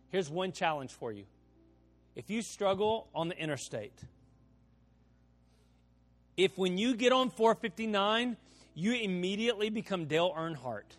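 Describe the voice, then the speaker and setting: A middle-aged man preaching a sermon, telling stories with many restarts and repeated words. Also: on the high side. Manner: alternates lively story passages with quiet, slow appeals. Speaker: pastor.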